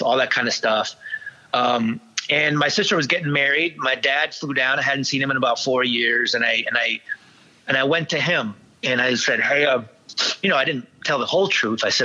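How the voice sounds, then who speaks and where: A man as an interview guest, telling a candid personal story in a halting way, with many restarts and fillers. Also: medium pitch, sharp tone. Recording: dull lo-fi sound.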